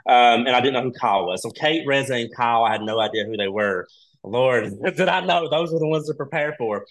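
A man in relaxed conversation, recounting his stories with lively, animated energy. He breaks into laughter often and tells things in a chatty way. His pitch sits in an ordinary middle range for a man. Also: fairly quick, rough recording. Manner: animated, laughs often, acts out quoted voices. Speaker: reality show contestant, podcast guest. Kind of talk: casual storytelling chat.

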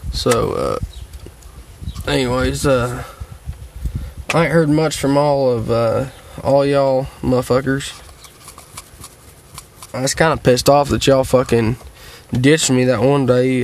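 A man's voice: medium pitch, steady tone, measured pace, vocal fry, pauses often. A worn-out man in a mid-range voice rambling through his day to his viewers from home. He drawls, swears freely and trails off into fillers. A faint background hiss sits under the recording. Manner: profane, drawling and meandering, full of fillers. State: worn out and tired. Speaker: vlogger. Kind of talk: rambling casual monologue to viewers. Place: at home, sitting.

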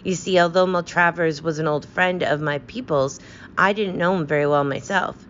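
A woman voicing a young male soldier back from abroad, answering briskly and offhand. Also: on the low side, steady tone, fairly bright tone, muffled recording, slight background noise, natural voice.

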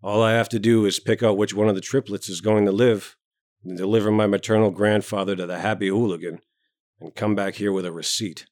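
A man's voice: lowish voice, fairly even intonation, fairly quick, darkish tone, no room sound, studio quality, lightly acted. A man reading a story aloud, voicing a wretched, red-eyed father who talks with taut, sulky, hollow sarcasm. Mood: bitter.

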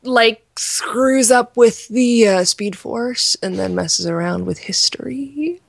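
A woman's voice: on the high side, vocal fry, no echo, clean studio sound. A woman co-hosting a podcast, casually recapping a TV episode and playfully acting out the characters' lines. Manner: playful, acts out characters' lines in quick voices. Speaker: podcast co-host. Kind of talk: casual fan review chat.

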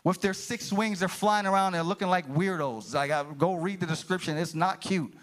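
A man preaching a sermon as pastor, animated and talking straight to the congregation, now and then breaking into shouted bursts. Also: high voice, normal speed.

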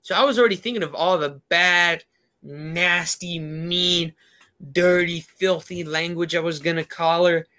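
A man's voice: on the high side, fairly even intonation, measured pace, sharp tone. A man telling a rambling story in a casual chat, heavy on fillers.

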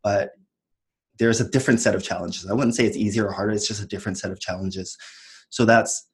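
A man's voice: lowish voice, steady tone, quick pace. A man in his thirties, an entrepreneur as guest, talking casually and reflectively, with frequent small laughs. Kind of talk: casual chat.

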